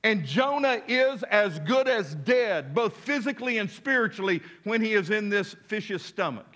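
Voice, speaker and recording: A man's voice: high-pitched, animated, moderate pace, a bit bright. A man preaching a sermon as pastor, emphatic, with call-and-response to his congregation and casual asides. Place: church.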